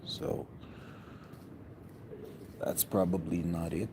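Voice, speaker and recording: A man's voice: low-pitched, fairly even intonation, very slow. A man from Canada delivering a hesitant, bitter, rambling monologue aimed at someone who is not there. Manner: hesitant, bitter, addressing an absent person. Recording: noisy ambient background.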